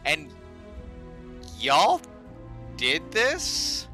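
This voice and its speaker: A male streamer in the middle of a sarcastic, profane rant, drawing his words out slowly. His voice sits fairly high and comes across bright and forceful. Faint game music plays behind him. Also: animated. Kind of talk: ranting live game stream.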